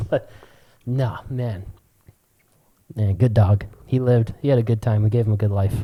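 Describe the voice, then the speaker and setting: A young man co-hosting a podcast, telling stories in casual chat with a lot of swearing and sudden high-pitched quoted voices. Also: steady tone, measured pace, highs cut off. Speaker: podcast co-host.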